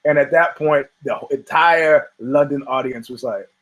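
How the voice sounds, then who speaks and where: Here a man hosting a podcast jokes his way through fight results, rambling, profane, and self-deprecating in casual comedic commentary on combat sports. His mid-range, slightly bright voice moves at a moderate pace, and the audio is poor.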